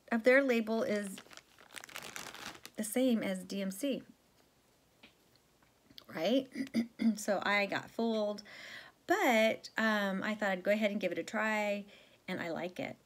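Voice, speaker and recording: A woman's voice: medium pitch, a little slow, fairly bright tone, a little hiss or hum. A woman vlogger chatting casually to viewers about her cross-stitch threads, rambling with many fillers and self-corrections.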